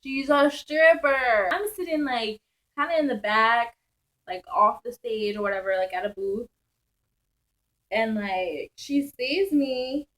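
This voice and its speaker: Slow-talking woman telling a wild story. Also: a little high, poor audio. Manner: animated, slangy, laughs often. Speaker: storytime vlogger. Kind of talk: casual storytelling.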